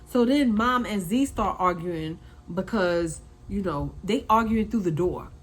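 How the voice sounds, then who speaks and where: A woman hosting a casual recap, talking in an animated way, repeating her points and acting out quotes. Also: mid-range voice, a little slow, low-quality recording. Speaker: reality TV recap host.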